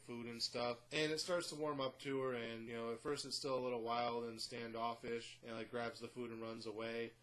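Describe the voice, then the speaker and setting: Male vlog host, mid-pitched and blunt, irreverent plot recap. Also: a bit bright, low-quality recording. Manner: blunt, irreverent, filler-heavy. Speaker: movie review host. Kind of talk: casual spoken movie review.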